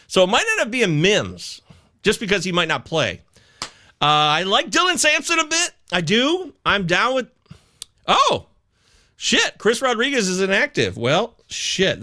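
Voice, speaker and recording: A man hosting a live fantasy football show, talking in a rambling, animated way and swearing when upset. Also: high voice. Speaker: host.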